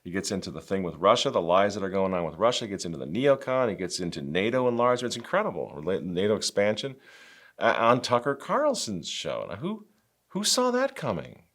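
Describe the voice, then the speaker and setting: Middle-aged male commentary host, lively swooping pitch, sarcastic asides. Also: a little fast. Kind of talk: animated political commentary.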